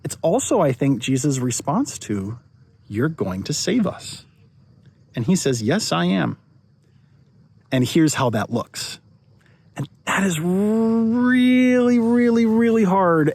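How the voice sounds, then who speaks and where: A pastor from the United States gives a short devotional talk, relaxed and conversational, often restarting and repeating words. His voice is medium in pitch.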